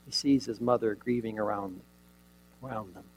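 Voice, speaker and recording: A man preaching a sermon, retelling a scene dramatically with rhetorical questions and sudden shifts from loud emphasis to near quiet. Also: lowish voice, moderate pace, slight background noise, rough recording.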